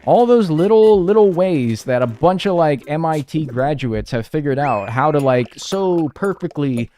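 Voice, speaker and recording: A man chatting casually on a live game stream, ranting with lively energy and swearing freely. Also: medium pitch. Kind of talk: casual live-stream chat while playing.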